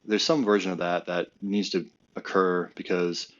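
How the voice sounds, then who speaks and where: A man on a podcast talking reflectively about military work, pausing to search for words. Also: low-pitched, little pitch movement, dull audio. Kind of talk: casual conversation.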